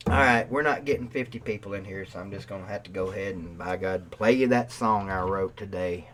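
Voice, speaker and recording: A man's voice: low voice, brisk, few pauses, fairly bright tone, a little hiss or hum. A man hosting a live stream, joking and swearing in a drawl and breaking into off-key joke songs. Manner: joking, profane, drawling banter with off-key singing. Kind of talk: casual live-stream chat with strummed guitar. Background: acoustic guitar.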